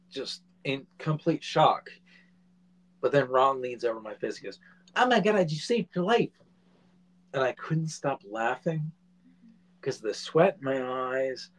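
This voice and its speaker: A man in his forties, a filmmaker guest, telling a casual anecdote in an animated way and swearing freely. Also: medium pitch, rough recording.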